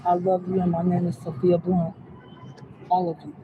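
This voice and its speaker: A woman's voice: lowish voice, completely flat delivery, normal speed, phone-quality sound. A woman on a live stream, rambling loosely and talking straight to her viewers through a phone mic. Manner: rambling, scattered, talks to viewers. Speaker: livestreamer. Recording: loud background noise.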